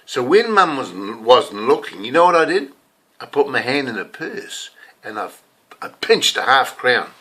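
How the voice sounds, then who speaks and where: A man's voice: medium pitch, sing-song, measured pace, pushed and bright, breathy edge. An older man from New Zealand in a New Zealand accent, giving a rambling, confessional sermon full of personal stories. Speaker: lay preacher. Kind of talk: casual sermon storytelling.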